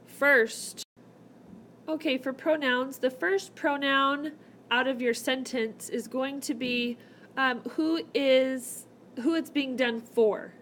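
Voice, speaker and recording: A woman walks through grammar at an unhurried pace, with playful asides between her step-by-step explanations. Her voice sits a little high. Faint hiss runs under the tablet recording. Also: fairly bright tone. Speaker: Spanish teacher. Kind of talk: recorded whiteboard lesson. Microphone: tablet microphone.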